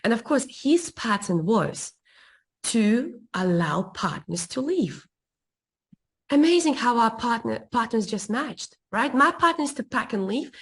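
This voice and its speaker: A woman coach recounting a personal story to an interviewer with expressive, emphatic repetition. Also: sits high, husky. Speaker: guest relationship coach.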